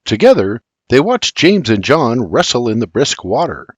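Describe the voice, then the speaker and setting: An older man narrating a historical audiobook in an expressive storytelling manner. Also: mid-range voice, moderate pace, husky, dry recording.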